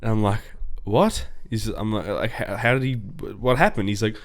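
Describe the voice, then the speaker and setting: A man, co-hosting a casual podcast and telling rambling, animated stories. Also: fairly low pitch, normal speed. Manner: rambling storyteller, animated when annoyed. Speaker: podcast co-host. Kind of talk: casual chat.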